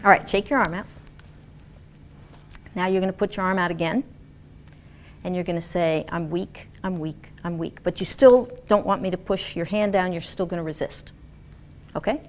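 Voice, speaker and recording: A woman lecturing a class on dance and movement therapy in an animated, demonstrative way, acting out example voices. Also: fairly low pitch, moderate pace, long pauses, slight background noise.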